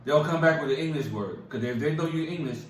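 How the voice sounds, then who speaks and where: A man's voice: a little high, fast talker, reverberant, far from the mic, slight background noise, low-quality recording. A man chatting casually as co-host, laughing often and repeating himself as he talks. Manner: laughs often, relaxed and repetitive. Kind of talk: casual chat.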